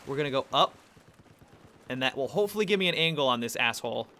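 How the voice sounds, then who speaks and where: This is quick, playful narration of a young man's own gameplay, full of laughter and excitement and punctuated by abrupt, high-pitched squeals when something surprises him.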